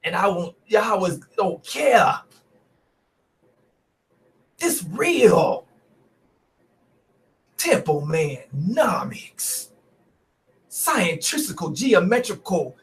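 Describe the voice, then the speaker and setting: High-pitched male preacher, animated, mocking commentary on scripture. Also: extremely slow, pauses often. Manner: animated, mocking, stumbling restarts, frequent "right?".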